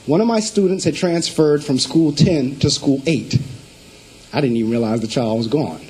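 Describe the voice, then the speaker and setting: A man's voice: on the high side, normal speed, a little mellow, breathy edge, low-quality recording. A middle-aged man, a school principal, giving a presentation to district staff and telling stories with emphatic, preacher-like delivery. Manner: storytelling speaker acting out phone calls.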